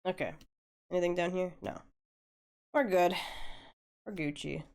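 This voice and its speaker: A young woman talks through her drawing on a live stream, relaxed and laid-back, dropping swear words as she goes. Her voice sits a bit low and comes across smooth and clear, with a slight hoarseness left over from a flu. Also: a little slow. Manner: laid-back, swears casually, chats with viewers. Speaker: art streamer. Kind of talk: casual chat while drawing on stream.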